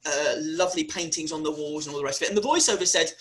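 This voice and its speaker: A university lecturer giving a webinar talk, animated and wry, often spelling words out letter by letter. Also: medium pitch, quick pace, hardly any pauses, poor audio.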